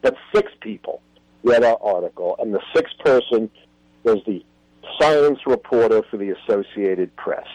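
Animated older man telling stories. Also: fairly low pitch, unhurried, no room sound, dull audio. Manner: animated, emphatic storyteller. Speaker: history professor, interview guest. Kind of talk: radio interview storytelling.

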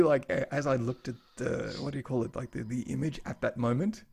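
A man's voice: mid-range voice, fairly quick, vocal fry, slightly rough. A man co-hosting a podcast in casual chat, telling family stories and acting out the people he quotes. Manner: animated storytelling, acting out quoted voices. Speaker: podcast co-host.

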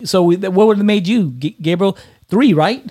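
A man in his fifties, a podcast host telling stories in casual chat, animated, swearing and laughing often. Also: high-pitched, moderate pace.

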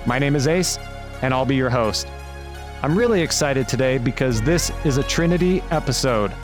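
A man's voice: medium pitch, lively intonation, normal speed, over music. A man hosting an interview podcast, upbeat and playful, hyping up his guest. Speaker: podcast host. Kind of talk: scripted intro, then casual interview.

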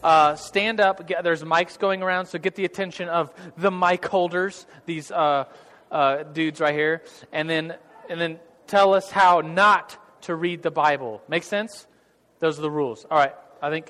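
A man's voice: on the high side, steady tone, normal speed, pushed and bright, big-room sound. A man leading an interactive church group class, talking casually and jokingly with many restarts. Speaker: Bible class leader. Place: large hall with tables of listeners.

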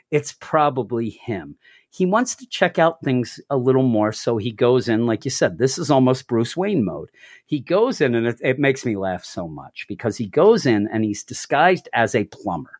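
A man's voice: mid-range voice, sing-song, normal speed, no room sound, studio quality. A man hosting a casual chat, retelling a comic story animatedly and acting out the quotes. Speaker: podcast host.

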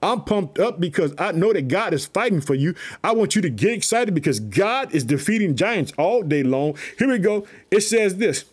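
A man preaching an excited devotional message, calling listeners family and repeating catchphrases as he reads scripture. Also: high-pitched, normal speed, few pauses, husky. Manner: hyped, repeats "let me tell you something" and "guess what", calls listeners family.

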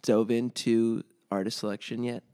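A man talking casually as a guest curator in an interview, relaxed and full of fillers and restarts. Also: medium pitch, normal speed, smooth. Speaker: guest, pop-up music series curator.

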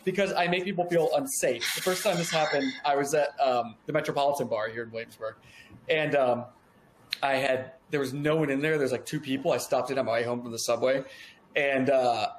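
A man in his thirties, a podcast guest telling stories in casual chat, animated and profane, acting out dialogue. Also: medium pitch, a little fast. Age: 30s. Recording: echoey room with faint background hum.

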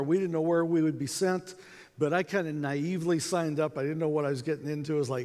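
An American man gives a conference talk, telling a personal story conversationally, acting out the voices in it and using many fillers. His voice is a little high and a little mellow, with a steady tone and a brisk pace. The recording comes from an echoey hall with long reverb.

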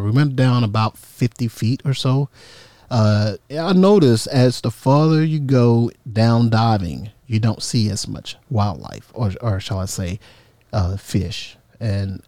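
A man's voice: lowish voice, dry recording. A man casually telling a personal story with humor, acting out the voices of people in it. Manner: animated, humorous, acts out quoted voices.

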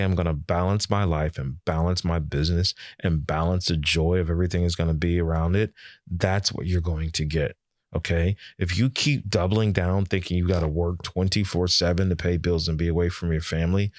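A man co-hosting a casual podcast chat, talking bluntly with swearing and loud emphatic peaks. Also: low-pitched, no room sound, clean studio sound. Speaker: podcast co-host.

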